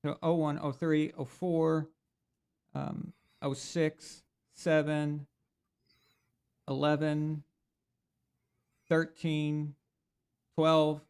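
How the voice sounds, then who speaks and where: Animated man hosting a sports stream. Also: on the high side, very slow, long pauses, smooth. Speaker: sports show host. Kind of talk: casual live-stream sports chat.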